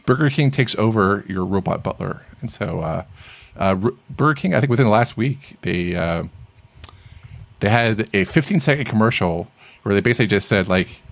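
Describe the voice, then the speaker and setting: A man's voice: fairly low pitch, lively intonation, normal speed, gravelly, no echo, soft background music. A middle-aged man co-hosting a casual tech news chat, rambling with many fillers and restarts. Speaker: podcast co-host.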